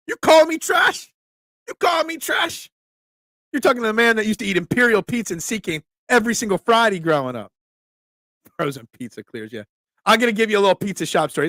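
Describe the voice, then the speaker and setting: A middle-aged man with a thick Delco accent from the Philadelphia area, hosting a casual live chat in a blunt, rambling way. His voice sits a little high and carries a gravelly edge. The sound is dry and close, with no room around it. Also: fairly bright tone, no echo. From Delaware County, Pennsylvania. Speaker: host, pizza shop owner.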